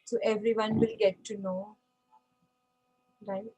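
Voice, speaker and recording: A woman's voice: medium pitch, level tone, measured pace, mellow, breathy edge, rough recording. A woman teaching an online French class, patient and checking in with frequent okays.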